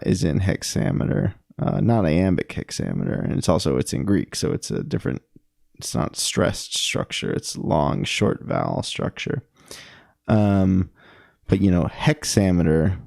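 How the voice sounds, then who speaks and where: A young man giving a casual, musing analysis of a poem, halting often with ums and self-corrections. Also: low-pitched, vocal fry, mellow, no echo, clean studio sound. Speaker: poetry commentator.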